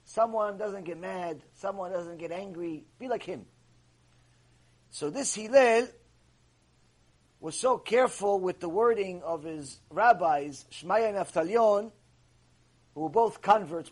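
Husky, high-voiced rabbi lecturing. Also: male voice. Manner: emphatic, repeats phrases for stress. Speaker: rabbi teaching a Torah class. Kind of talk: religious lecture.

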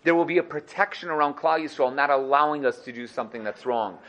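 A man teaching a lively Torah lesson, animated and acting out little scenes. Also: a little high, fast. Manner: animated, acts out dialogue.

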